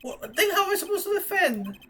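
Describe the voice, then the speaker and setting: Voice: mid-range voice, big pitch swings, brisk, slight background noise, close to an everyday voice. A streamer voicing an earnest, flustered young male defense attorney, eager and a bit awkward, in a game reading. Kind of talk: let's play character reading.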